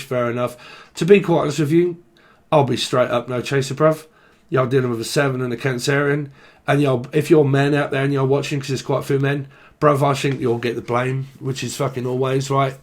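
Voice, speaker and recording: A young British man with a London-area accent, speaking at a medium pitch in a steady, brisk tone, delivers a casual tarot channelling monologue. His reading rambles, full of slang and frequent swearing.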